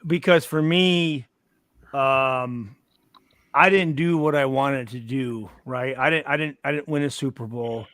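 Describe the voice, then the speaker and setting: A man's voice: medium pitch, measured pace, a bit bright, no echo. A man hosting a casual chat, a former football player who speaks bluntly with curses and stammered restarts.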